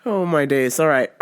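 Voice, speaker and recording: Laughing, foul-mouthed woman telling a story. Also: sits low. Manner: laughs constantly, profane, animated. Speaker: podcast host. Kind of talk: casual comedic storytelling.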